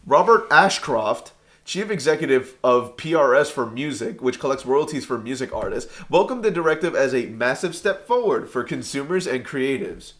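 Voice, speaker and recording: Male podcast co-host, casual chat, reads an article out loud, stumbles, laughs a lot, mid-pitched voice. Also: animated, normal speed.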